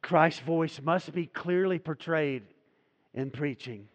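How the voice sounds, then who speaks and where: A man preaching from the pulpit, his voice rising to loud, emphatic peaks and falling away to quiet, low endings. The sound carries a long reverb tail, as if heard in a large sanctuary. The audio is a little dull and muffled. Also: slow pace. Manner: preaching with dramatic swells and drops in volume. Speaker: pastor. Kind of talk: sermon. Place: church sanctuary.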